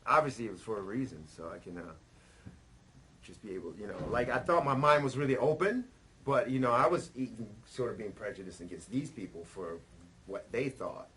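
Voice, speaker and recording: A man, a punk musician, telling a rambling personal story in an interview, swearing and pausing on fillers. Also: medium pitch, a bit bright, a little hiss or hum, poor audio. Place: record label office.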